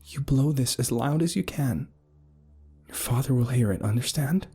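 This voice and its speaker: A man voicing an urgent, husky young mother. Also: mid-range voice, moderate pace, faint music behind, voice pushed up. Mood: urgent hushed. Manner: urgent, hushed and pleading. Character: desperate protective mother, adult woman.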